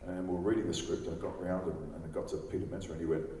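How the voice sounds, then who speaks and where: A man's voice: sits low, fairly even intonation, very fast, warm tone. A man in his forties, a guest at a convention panel, telling chatty stories to a live audience. He laughs often and acts out other people's lines. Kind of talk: anecdotal storytelling to a live audience. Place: large convention hall. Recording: echoey hall recorded from far off.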